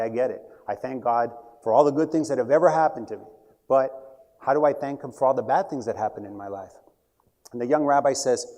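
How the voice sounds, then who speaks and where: A man's voice: medium pitch, dark tone. A middle-aged man giving a short talk, telling a story with asides.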